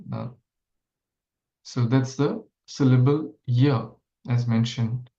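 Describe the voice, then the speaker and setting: A man leading a scripture class, explaining a verse slowly and asking listeners questions. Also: medium pitch, fairly even intonation, mellow. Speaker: Bhagavatam class speaker. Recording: echoey room, dull lo-fi sound.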